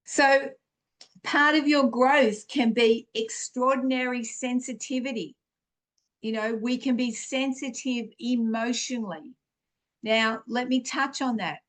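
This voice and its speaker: Slow, earnest woman giving spiritual teaching. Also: a little high, steady tone, fairly bright tone. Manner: earnest, encouraging, with many fillers and restarts. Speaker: podcast host.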